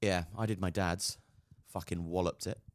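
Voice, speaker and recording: A man's voice: low voice, steady tone, normal speed, no room sound. A man who co-hosts a podcast and does comedy, teasing his co-host with dry banter during a race. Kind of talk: casual chat over a live race.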